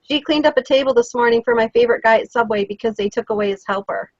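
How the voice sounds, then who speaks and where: An earnest woman chatting on a live stream, a touch higher than most. Her voice is close and dry, and the sound is dull and lo-fi. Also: fast talker, dry recording. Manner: earnest, storytelling, encouraging. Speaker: co-host of a daily live show. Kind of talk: casual live-stream chat.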